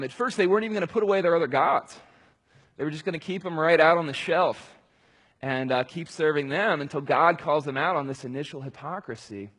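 Husky-voiced man preaching in a reverberant hall. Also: a little high, fairly bright tone. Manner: casual, rambling, many fillers and restarts. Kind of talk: conversational sermon.

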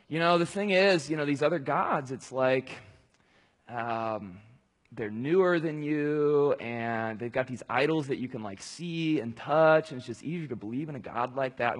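A man preaching a conversational sermon, talking casually and rambling, with many fillers and restarts. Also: mid-range voice. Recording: long hall reverb.

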